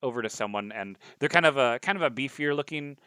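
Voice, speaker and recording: A man's voice: mid-range voice, fast talker, smooth, no room sound. A man running a tabletop game as dungeon master, narrating casually with lots of fillers and restarts. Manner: rambling, many fillers, lively.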